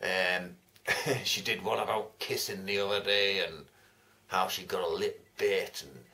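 A man's voice: low voice, fairly even intonation, measured pace, sharp tone. A man chatting casually to camera as a vlogger, laughing often and swearing freely. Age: adult, writing a second novel. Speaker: vlogger giving shout-outs.

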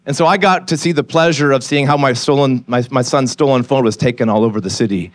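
A pastor in his forties with an ordinary mid-range male pitch preaches a sermon quickly from a church stage. He shares his story candidly and conversationally before shifting to an earnest appeal, in dry, close sound with very little room echo.

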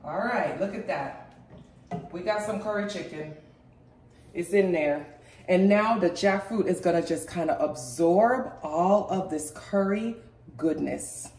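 Excitable jamaican lady cooking at home, chatting to the camera, lots of room echo, mic kinda far. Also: lowish voice, measured pace. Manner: chatty, excitable, talks to viewers. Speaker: cooking channel host. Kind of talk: casual cooking vlog. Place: home kitchen.

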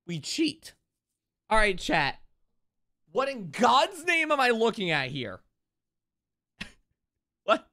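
Guy streaming a game, talks slow but his pitch jumps all over, keeps repeating stuff. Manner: thinks aloud, repeats himself, excited outbursts. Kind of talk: live gameplay commentary.

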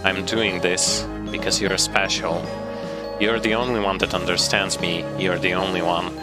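A man voicing a tearful, remorseful young goat-monster boy as he reads game dialogue aloud in a slow, earnest way over gameplay. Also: deep voice, little pitch movement, close to an everyday voice. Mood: pleading. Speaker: let's play gamer. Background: game music.

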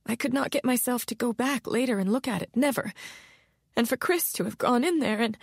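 A hoarse, frightened woman, played by a narrator, her voice pitched high and strained with barely held-back tears. She pleads and spirals into panic, recorded close and dry. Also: a little fast, no room sound. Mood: grieving. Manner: frantic, pleading, rising into panic. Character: terrified, hoarse adult woman haunted by past trauma. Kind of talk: audiobook character voice.

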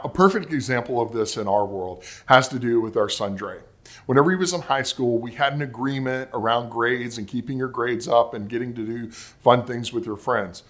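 A man in his forties preaching a sermon, telling family stories and ending in prayer, acting out quotes in a higher voice. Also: a bit bright. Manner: storytelling, acts out quotes in a higher voice. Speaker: pastor.

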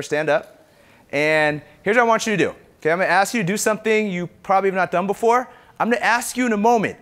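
A middle-aged man from Ethiopia giving a conference keynote speech, energetic and talking straight to the audience. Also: fairly high pitch. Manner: energetic, engages the audience directly. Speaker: keynote speaker. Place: conference hall.

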